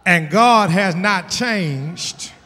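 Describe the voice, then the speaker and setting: A man preaching a sermon as pastor of his church, emphatic and repeating his points, building to shouts. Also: high voice, lively intonation, drawn-out words, big-room sound. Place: church sanctuary.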